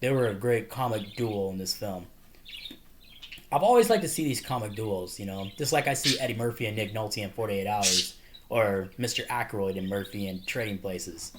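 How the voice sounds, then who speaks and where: A man's voice: lowish voice, animated, moderate pace, background noise. A man casually talking through a favorite movie, rambling with lots of fillers and frequent laughter. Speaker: movie reviewer. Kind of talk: casual movie review monologue.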